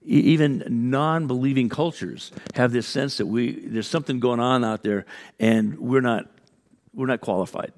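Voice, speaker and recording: A male pastor delivering a sermon, his voice sitting at an ordinary middle pitch. He talks loosely and animatedly, slipping into fillers and restarts as he acts out the people in his story. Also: normal speed, a little mellow. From California.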